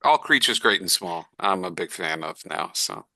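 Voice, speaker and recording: A man chatting at a tabletop game table, joking with the other players. His voice is low, gravelly and bright-edged, recorded dry and close. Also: animated, no room sound. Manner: joking, quick to apologize. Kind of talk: casual tabletop game chat.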